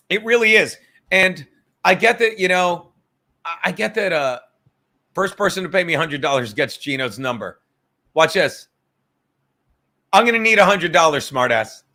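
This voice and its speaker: Heated, bright-voiced man ranting on his podcast. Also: sits high, expressive, a little slow, long pauses. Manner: profane, heated, sarcastic ranting; reads viewer super chats aloud. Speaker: podcast host. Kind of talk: casual ranting monologue.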